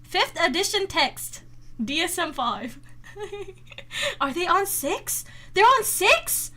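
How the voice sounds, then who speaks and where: A woman's voice: very high voice, big pitch swings, slow, sharp tone. A woman livestreamer chatting casually with her viewers, teasing and giggly with a playfully sarcastic edge, speaking into a desk microphone at home. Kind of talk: casual chat with live viewers.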